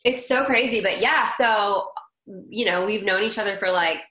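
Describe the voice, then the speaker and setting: A woman tells stories as a guest in a loose, chatty way, peppering her talk with "like" and "girl". Her voice is bright and crisp, and it rings with room echo. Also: medium pitch, moderate pace. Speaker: guest, country singer. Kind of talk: casual conversational storytelling. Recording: roomy echo.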